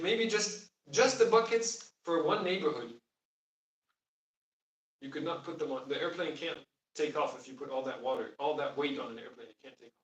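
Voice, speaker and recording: A mid-range male voice with a fairly bright tone comes through from far off in a roomy space. He's teaching Quranic Arabic in a classroom setting, explaining with patience and asking the students questions.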